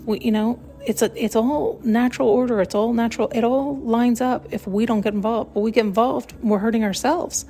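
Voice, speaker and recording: A woman's voice: fairly high pitch, fairly even intonation, fairly quick, hardly any pauses, mellow. A woman hosting a podcast, talking in a rambling, blunt, casual self-help monologue and swearing freely. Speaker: podcast host.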